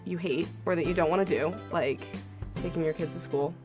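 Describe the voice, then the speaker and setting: A woman's voice: fairly low pitch, steady tone, a little fast, music in the background. A young woman coaching a screaming vocal tutorial, upbeat and encouraging, demonstrating with sighs and growls.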